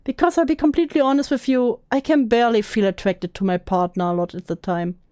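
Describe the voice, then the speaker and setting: A woman's voice: a little high, fairly even intonation, fast, mellow, no room sound, clean studio sound. A young woman talking casually on a stream, emotional and swearing, laughing often.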